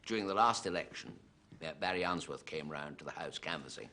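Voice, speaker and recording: A man's voice: rumbling low, lively intonation, a little fast. A man telling a rambling shaggy-dog story on stage, often breaking into laughter himself. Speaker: comedian. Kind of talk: stand-up storytelling to a live audience. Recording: live theatre audience laughter and noise. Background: loud audience laughter.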